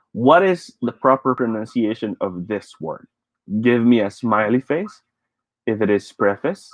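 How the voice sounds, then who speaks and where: A man's voice: medium pitch, no room sound. Filipino guy teaching english online, playful and chatty, dry dull mic sound. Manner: lively, playful, greets viewers by name. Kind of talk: live online lesson, mixing English and Filipino.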